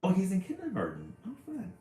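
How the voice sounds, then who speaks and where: A man's voice: high-pitched, wildly swooping pitch, fairly quick, warm tone, faint music behind. A man reading a picture book aloud on a live stream, chatty and greeting viewers between pages. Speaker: livestream storybook reader. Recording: echoey room.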